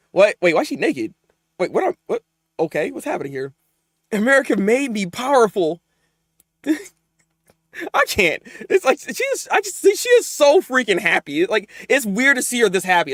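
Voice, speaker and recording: A man streaming a live manga reaction. He gets excited, laughs often and chats with his viewers. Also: high voice, no room sound, studio quality.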